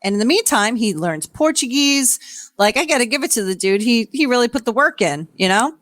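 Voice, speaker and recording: Animated, swearing woman podcast host. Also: fairly high pitch, brisk, a little hiss or hum. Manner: animated storyteller, swears freely, acts out quoted voices. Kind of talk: casual recap chat.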